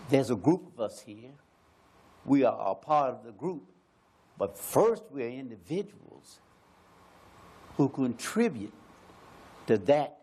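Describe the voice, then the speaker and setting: An American man speaks slowly on an arts panel, turning each idea over and repeating key phrases. His voice sits at a middle pitch. A faint noise hangs behind him. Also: a little mellow. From United States. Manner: musing, repeats phrases, many hesitations. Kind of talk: slow reflective panel talk.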